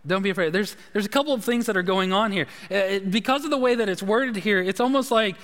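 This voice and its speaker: High-voiced preacher in a reverberant hall. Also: male voice, quick pace, fairly bright tone. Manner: repetitive, emphatic preaching with many restarts. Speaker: pastor. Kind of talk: sermon.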